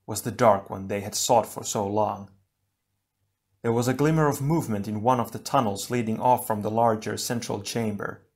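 A man narrating an audiobook in a measured, dramatic reading. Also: fairly low pitch. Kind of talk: scripted narration.

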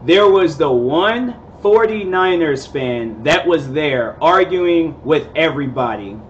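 Give me a young man in his twenties casually rambling as a vlog host, with a slightly high voice. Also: animated, takes it slowly, muffled recording, a little hiss or hum. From Seattle area, USA. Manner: rambling, filler-heavy, laid-back slang. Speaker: vlogger host. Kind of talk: casual storytelling.

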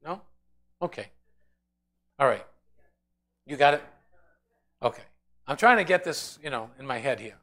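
Leading a Bible study in an informal sermon style, a man tells stories animatedly and voices the people in them. His voice is medium-pitched and fairly bright, with lively intonation, an unhurried pace and long pauses.

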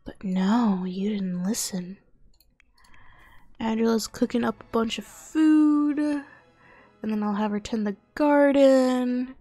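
In a dry recording, a young woman who makes gaming videos plays through a game slowly, her slightly high voice mellow. She chats to the characters on screen and mumbles asides in relaxed let's-play style.

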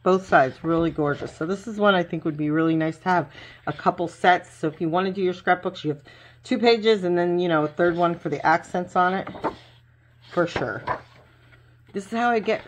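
Middle-aged woman, lowish voice, gushing home crafter, chatty show-and-tell, faint hiss behind. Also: fairly quick. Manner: chatty and gushing, lots of fillers. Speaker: craft vlogger. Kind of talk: casual unboxing show-and-tell.

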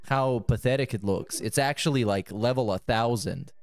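A man's voice: mid-range voice, moderate pace, no echo, soft background music. Male podcast host with a mid-range voice and a dry close sound; sarcastic, mocking, swears freely. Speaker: podcast host reacting to a clip. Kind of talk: sarcastic react commentary.

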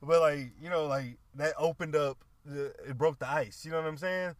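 Podcast co-host, male, slightly higher voice, loose slangy storyteller who swears freely. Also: fairly even intonation, normal speed, no room sound. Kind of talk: casual chat.

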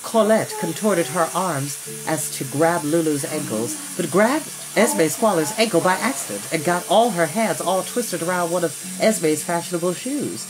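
A man reading a children's novel aloud, expressive and doing voices for the characters. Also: on the high side, measured pace, few pauses. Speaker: storyteller.

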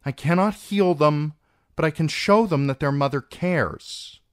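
A man's voice: a little high, unhurried, smooth, dry recording, studio quality, voice pushed up, lightly acted. A man voicing a young queen who speaks with bitter, resolute command in an audiobook reading. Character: young grieving queen, woman, proud and commanding.

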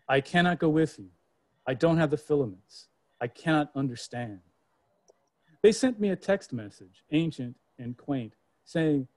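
A man's voice: on the high side, lively intonation, measured pace, darkish tone, no room sound. A man reading his speculative poetry aloud with dramatic, rhythmic delivery. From Georgia, US. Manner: dramatic, rhythmic recitation with character voices. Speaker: poet.

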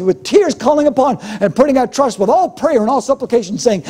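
A man's voice: very high-pitched, sing-song, a little fast, hardly any pauses, darkish tone. A middle-aged man preaching a sermon as pastor, with a fervent, repetitive preaching cadence.

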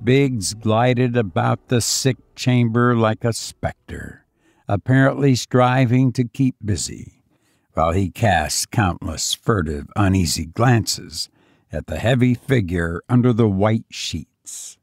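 Slow, expressive male storyteller. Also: lowish voice, creaky, no room sound, studio quality. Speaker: narrator. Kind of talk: scripted narration of a classic story.

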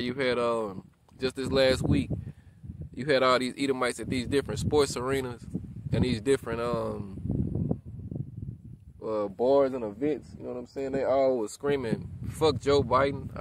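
A man preaching outdoors to a self-filmed camera, reading scripture in old formal wording and checking in with "all right?" after nearly every point. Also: medium pitch. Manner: peppers talk with "all right?" and "you know what I'm saying". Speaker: street preacher. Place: outdoors in a rural spot. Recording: loud wind noise outdoors.

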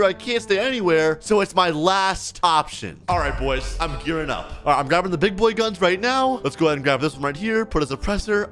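A man's voice: sits high, a bit bright. A young man narrating a game roleplay as its host, jittery and repeating his phrases over and over.

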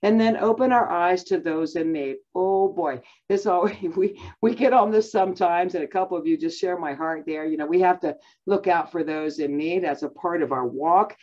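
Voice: mid-range voice, normal speed, few pauses, darkish tone, lo-fi sound. A Bible teacher giving a conversational lesson, talking in a chatty way with many fillers and self-restarts.

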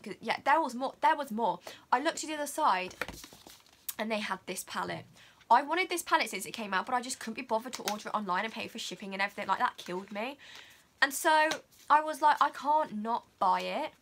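Excitable teen girl from the gushing over makeup, bright tense voice, bit of faint noise behind. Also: fairly high pitch. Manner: gushing, dramatic, fast-talking. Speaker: beauty vlogger. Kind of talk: excited haul chat.

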